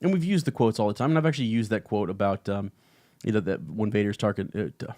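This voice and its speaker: A man hosting a podcast, rambling excitedly about his favorite moments. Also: on the low side, fast, no echo. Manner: excited, rambling, quoting lines. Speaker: podcast host. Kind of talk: casual fan chat.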